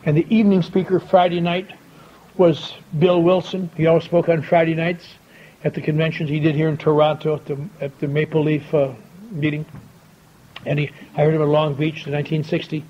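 Older man, fairly high voice, folksy and wry storyteller, dull lo-fi tape with faint hiss. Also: flat delivery, a little fast. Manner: folksy, wry, with quoted dialogue. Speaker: speaker at a recovery convention. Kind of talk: storytelling talk to an audience. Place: large convention hall.

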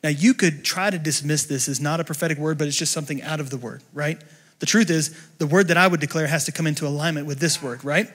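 A man's voice: fairly high pitch, fast, fairly bright tone, slightly rough. A young adult male pastor preaching a sermon in a loose, conversational way, full of fillers and asides.

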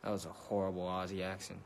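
A man's voice: low voice, monotone, brisk, gravelly. A young man, a rapper, chatting casually on a phone livestream, reading comments, swearing and laughing easily, switching between English and Korean. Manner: loose and slangy, swears, laughs often, mixes in Korean. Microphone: phone mic.

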